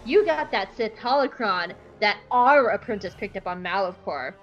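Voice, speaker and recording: A woman's voice: mid-range voice, animated, normal speed, a bit bright, faint music behind, natural voice. A woman voicing a smug male villain who makes his threats in a flippant, casually mocking way. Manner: flippant, valley-girl casual menace. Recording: slightly muffled lo-fi recording.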